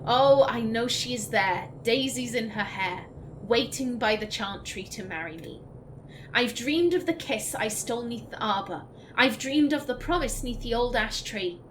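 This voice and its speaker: Let's-play host, woman, slightly high voice, emotional lore reader, faint hiss behind. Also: low-quality recording. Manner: emotional, reads verse gently, then chats with quick laughing asides. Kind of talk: reading in-game texts aloud with casual commentary.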